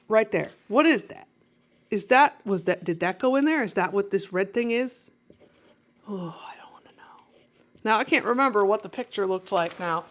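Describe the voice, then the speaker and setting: A woman's voice: fairly high pitch, fairly bright tone. Chatty woman painter, self-mocking. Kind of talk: casual painting chat.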